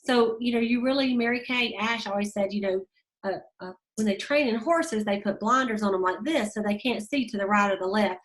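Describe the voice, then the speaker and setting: A woman with a drawl talks casually to her team, encouraging them through stories. She fills pauses with "um" and "you know" and repeats key lines for emphasis, at an ordinary middle pitch. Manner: storytelling, many fillers, emphatic repetitions. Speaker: sales team leader giving a motivational talk. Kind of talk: casual motivational talk.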